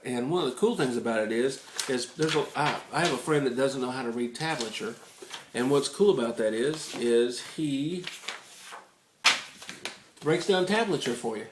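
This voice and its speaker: A man from Tennessee with a Southern US accent chats through a casual video review in a folksy, rambling, good-humored way. His voice sits at an everyday middle pitch. The indoor room leaves a noticeable roomy echo. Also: noisy background. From Tennessee, United States. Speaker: ukulele book reviewer.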